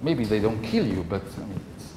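Italian-accented professor in an echoey hall. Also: male voice, fairly low pitch, animated, moderate pace, dark tone. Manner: conversational, checks in with "okay?" often. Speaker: university professor. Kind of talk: classroom lecture. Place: university lecture hall. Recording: echoey lecture hall, faint noise.

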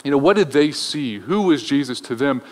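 A man preaching an Easter sermon as pastor, in a relaxed, conversational way. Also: mid-range voice, brisk, in a large hall. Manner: conversational, acts out voices in retold scenes.

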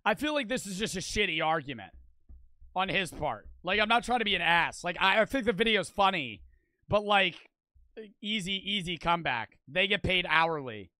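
A man's voice: sits high, animated, moderate pace, pushed and bright, dry recording. A teenage boy streamer giving heated, profane reaction commentary, packed with "like" fillers. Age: teens.

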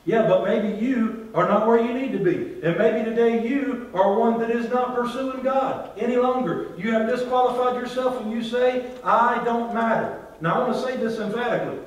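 A man preaching a sermon as pastor, drawing responses from the congregation and swinging between loud and hushed delivery. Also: very high-pitched, moderate pace, few pauses. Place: large church hall. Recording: very echoey church hall, from far off.

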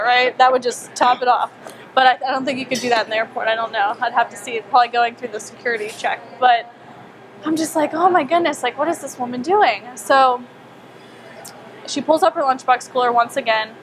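Young woman telling a story to a small group, high voice, lots of "like", faint room hiss. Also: fairly quick. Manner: animated, acts out her own inner voice, frequent "like". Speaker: wellness speaker. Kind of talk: personal storytelling talk.

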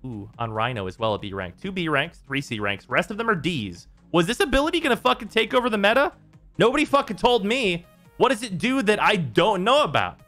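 A man's voice: high voice, brisk, faint music behind. A man hosting a gaming stream, ranting in casual chat with lots of swearing. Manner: exasperated, swearing, animated rants. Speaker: streamer host.

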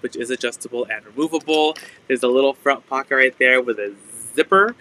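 A man's voice: mid-range voice, bright, forceful tone, slight background noise, poor audio. A man hosting a live resale stream, chatting casually and filling his talk with "like". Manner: chatty, full of "like" fillers. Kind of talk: casual live sales chat.

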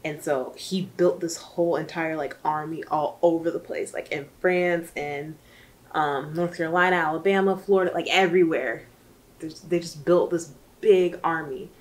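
A woman's voice: low voice, fairly even intonation, moderate pace. A woman reviewing a book in casual chat, chatty and emotional, rambling with lots of fillers.

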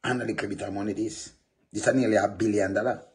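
A man with a somewhat low voice, talking in a loose, rambling way. He keeps checking in with his listener with quick questions as he goes. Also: fairly even intonation. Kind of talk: casual commentary over a news article.

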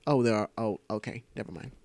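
A man giving excitable, live gameplay commentary, often repeating short calls. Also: fairly low pitch, quick pace, no room sound. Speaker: gamer. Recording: noisy home recording.

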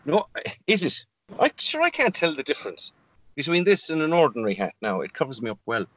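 A man's voice: on the high side, fairly quick, no room sound. An Irish man trading absurd jokes in casual comedic banter as a podcast co-host. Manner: absurd deadpan improvising, mock authority.

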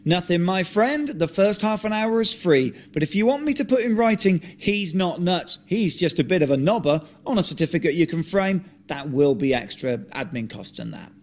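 A man's voice: high voice, normal speed, few pauses. A man voicing a lazy, hot-tempered young British man who swears and rants as he tells a story. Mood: cocky. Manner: ranting, swearing, animated storytelling.

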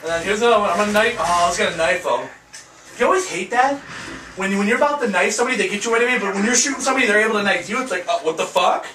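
A young man giving excitable gameplay reaction commentary, trash-talking with loud outbursts. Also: sits high, rapid-fire. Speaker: gaming YouTuber. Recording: echoey room, distant mic, noisy.

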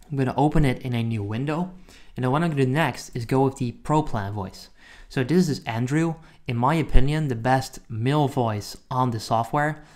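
Man casually walking through software. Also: medium pitch. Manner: conversational, corrects himself mid-sentence. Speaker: software reviewer. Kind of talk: casual screen-recorded tutorial.

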